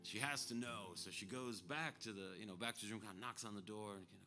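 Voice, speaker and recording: A man's voice: lowish voice, fast talker, hardly any pauses, over music. A man on stage telling a long story in a loose, rambling way between songs. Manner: rambling, loose, full of fillers and asides. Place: live music venue.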